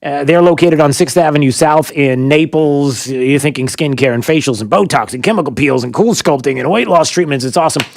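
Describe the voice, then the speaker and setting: A man's voice: on the high side, fairly quick, gravelly, few pauses, no echo, clean studio sound. Joking morning radio host, a man. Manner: joking, rambling, many fillers and restarts. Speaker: radio talk show host. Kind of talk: casual morning radio chat.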